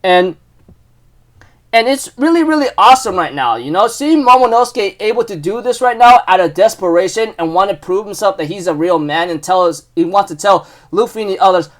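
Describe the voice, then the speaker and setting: Excitable high-voiced young man rambling. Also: a little fast. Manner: rambling, many fillers and restarts, excitable. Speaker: manga chapter reviewer. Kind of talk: casual chapter recap.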